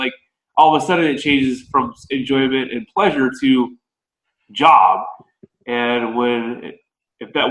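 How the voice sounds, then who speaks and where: A man with an American accent, a baseball coach, talking through his ideas in a relaxed, conversational way as a podcast guest. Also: mid-range voice, reverberant, low-quality recording. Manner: relaxed, conversational, thinking aloud. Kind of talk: podcast interview.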